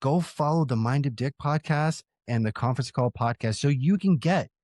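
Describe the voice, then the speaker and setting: A man in his thirties from Southern California talks on a podcast in a mid-range voice, packing his stories with curse words for punch. The sound is close and dry, with no room in it. When he turns sincere, he slows down and goes softer. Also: medium pitch, no room sound. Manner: profane, emphatic storytelling. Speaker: podcast co-host. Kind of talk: casual chat.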